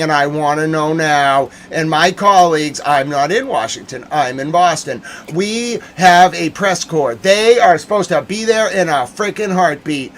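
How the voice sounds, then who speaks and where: Indignant ranting man, higher voice. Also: expressive, measured pace, few pauses, a bit bright, a little hiss or hum. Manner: indignant, demanding rant. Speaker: news commentary host. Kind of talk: livestream news commentary.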